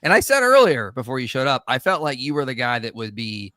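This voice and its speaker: A man hosting a casual group chat, animated and joking, talking in quick bursts. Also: medium pitch, dry recording, studio quality. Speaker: show host.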